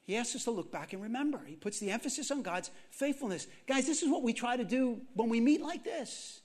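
Male preacher, very high voice, animated sermon delivery, repeats phrases and quizzes the room. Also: brisk. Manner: animated, repeats phrases for emphasis, questions the congregation. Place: church gathering.

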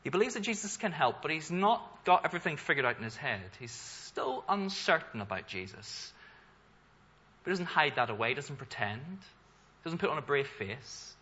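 A male pastor preaching a sermon in an earnest, emphatic way, his slightly husky voice bright and forceful. He asks rhetorical questions and lets his delivery swell. The recording sounds a little dull and lo-fi. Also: on the high side, very animated, normal speed.

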